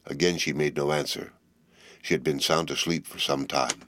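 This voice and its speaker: A man narrating a novel in a measured, unhurried storytelling manner. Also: rumbling low, fairly even intonation, a bit bright, a little hiss or hum. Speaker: audiobook narrator. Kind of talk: scripted narration.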